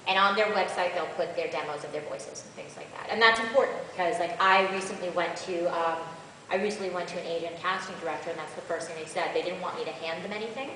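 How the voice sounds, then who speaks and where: A woman, a voice actress on a convention panel, answering questions in an animated, chatty and rambling way, recorded by a far camera. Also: lowish voice, quick pace, slight background noise. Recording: echoey hall from far off.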